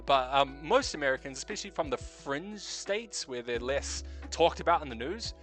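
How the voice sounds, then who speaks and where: A man's voice: on the high side, expressive, moderate pace, few pauses, a bit bright, soft background music. A young man with a New Zealand accent, hosting a casual late-night stream chat, swearing freely, laughing often and musing about life. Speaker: stream host.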